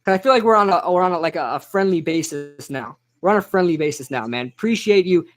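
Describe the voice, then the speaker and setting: A young man casually reacting live to a football game, chatting with viewers and shouting out their names. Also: sits high, quick pace. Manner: excitable, chatty, reads out chat names. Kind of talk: casual live-stream commentary.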